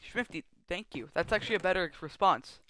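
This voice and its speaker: A man's voice: sits high, animated, a little fast, sharp tone, dry recording. A man streaming a survival game, chatting and joking goofily with friends and chat. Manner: goofy, joking, bantering with chat. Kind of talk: casual gaming chat.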